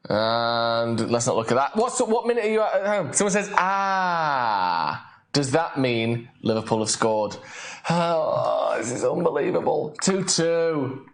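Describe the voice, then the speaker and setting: A man's voice: mid-range voice, a little slow. A man hosting a casual late-night live stream, chatting and reading out viewer comments. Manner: chatty, reads viewer comments, gets loudly excited over a match.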